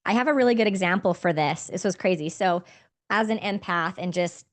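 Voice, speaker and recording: A woman's voice: on the low side, fairly quick. Candid woman podcast host in her forties. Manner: candid, conversational storytelling. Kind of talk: podcast conversation.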